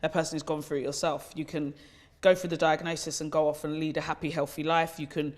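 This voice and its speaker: A woman's voice: low voice, little pitch movement, quick pace. A woman, hosting a podcast and founder of the charity, talking candidly and from the heart, with casual swearing. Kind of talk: podcast conversation.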